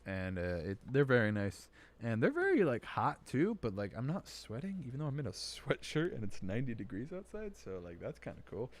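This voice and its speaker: A young man hosting a homemade radio-style show, ranting loudly and mocking the voices of a company, then settling into a laid-back ramble. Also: medium pitch, big pitch swings, fairly quick. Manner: loud exasperated rant with mocking quoted voices. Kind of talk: casual ranting monologue.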